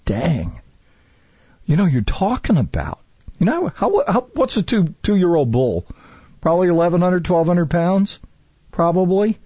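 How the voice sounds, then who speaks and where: A husky-voiced man hosts a talk radio show, rambling from story to story with lots of ums and restarts. The sound is dry and dull, as if heard over the air. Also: sits high, huge pitch swings, a little slow, pauses often, mellow, no room sound. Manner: rambling, self-interrupting, chatty with many fillers. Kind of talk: casual talk radio chat.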